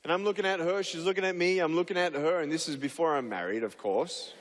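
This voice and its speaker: In a very noisy, big-room recording, a man speaks fast in a voice on the high side. He's a public speaker giving a funny talk, playfully spinning stories and acting out scenes, with plenty of fillers and restarts.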